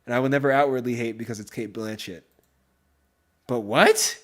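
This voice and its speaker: A man hosting a podcast in casual chat, rambling and excitable, with many fillers. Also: mid-range voice, brisk. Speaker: podcast host.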